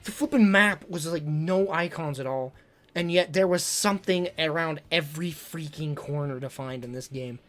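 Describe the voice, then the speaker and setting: A streamer talking casually on a live stream, gushing and excitable, often stumbling and repeating words. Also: mid-range voice, normal speed, soft background music. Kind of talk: casual livestream talk ranking games.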